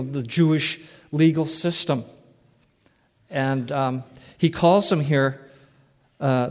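A man's voice: on the high side, darkish tone. A man teaching a Bible study in an earnest, plain-spoken way, repeating words for emphasis, in a church hall. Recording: long reverb of a large hall.

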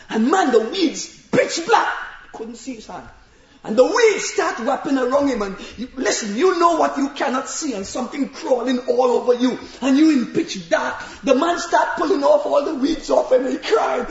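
A male preacher with a very high, lively voice delivers an impassioned sermon, shouting at the peaks and acting out Bible stories. He keeps calling on his listeners to listen. The recording is echoey and dull, lo-fi. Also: normal speed. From immigrant to America. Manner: repeatedly calls out "listen" to the congregation.

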